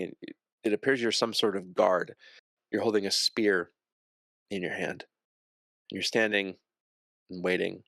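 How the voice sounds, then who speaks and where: Man, game master, slow descriptive narration, gravelly, dry sound. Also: on the low side, a bit bright, no echo.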